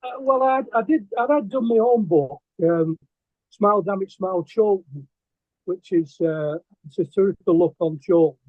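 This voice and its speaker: A man's voice: high-pitched, normal speed, no room sound. An older man, a guest artist telling stories in a casual interview, rambling and hesitant with lots of fillers and restarts. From England. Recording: dry, tinny phone-like line.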